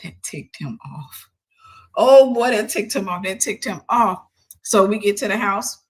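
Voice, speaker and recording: A woman hosting a talk show tells a story from her own life. She is lively and conversational, acts out other people when she quotes them, and drops to a hushed, almost whispered tone at the heavy moments. Her pitch sits in the middle range. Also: unhurried. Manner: animated, quotes people in changed voices, drops into soft near-whispers. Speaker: host. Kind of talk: personal storytelling.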